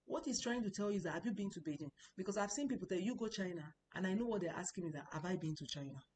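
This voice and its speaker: A woman's voice: on the low side, animated, very fast, darkish tone, a little hiss or hum, rough recording. Woman patiently explaining a language lesson. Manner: patient, repetitive explaining, stresses key words. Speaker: Chinese language teacher.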